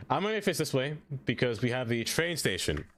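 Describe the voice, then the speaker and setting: A man streaming a game live, chatting casually with his viewers, laughing often and jumping into high excited exclamations. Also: moderate pace. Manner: chatty, laughs often, talks straight to chat.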